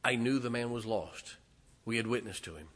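A middle-aged man, a pastor, preaching a fervent sermon. He swings from booming declarations to hushed, intimate asides. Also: normal speed. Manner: impassioned, emphatic preaching with repeated phrases.

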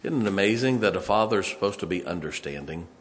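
A man preaching a sermon in a church, emphatic, swinging from loud to hushed. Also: low voice, animated, fast.

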